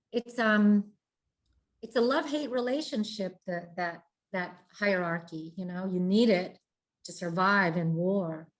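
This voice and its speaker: A woman veteran hosting the show, chatting casually and making her points with emphasis. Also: lowish voice. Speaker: host, veteran. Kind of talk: casual conversation.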